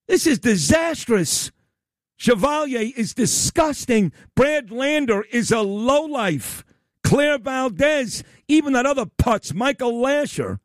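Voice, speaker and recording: Combative male talk radio host, high and animated, loud sarcastic rant, dry studio mic. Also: moderate pace, dry recording.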